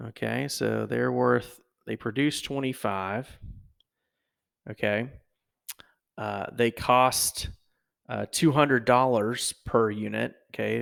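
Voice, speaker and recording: A man teaching economics, talking through exam answers in a halting way, with many fillers and "okay?" checks. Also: medium pitch, vocal fry, fairly bright tone. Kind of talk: recorded lecture walkthrough.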